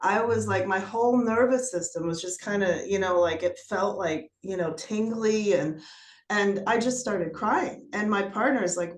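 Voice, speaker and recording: A woman's voice: mid-range voice, normal speed. A woman hosting a casual chat, talking in a heartfelt, rambling way. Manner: chatty and heartfelt, with many "you know" fillers. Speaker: host. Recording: echoey room.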